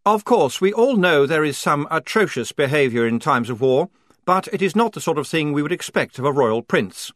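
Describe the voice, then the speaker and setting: A man voices a fussy, anxious young army officer who speaks primly, formally and politely, pitching his voice above his own natural range. The delivery is highish, a bit bright, with lively intonation at a normal pace, recorded dry in a clean studio.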